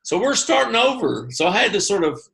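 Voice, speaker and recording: A man telling his own story on a video call, animated and poking fun at himself. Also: sits high, fairly quick, creaky. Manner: animated, self-mocking, acts out his own reactions. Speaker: guest sharing his sales story.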